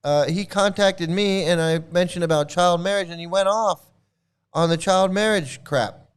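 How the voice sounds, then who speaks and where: A man reacts to a clip with blunt scorn, stumbling into restarts and repeating his points. His voice is smooth and clear. It sits a little high for a man. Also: normal speed. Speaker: commentary host. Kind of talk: mocking reaction commentary.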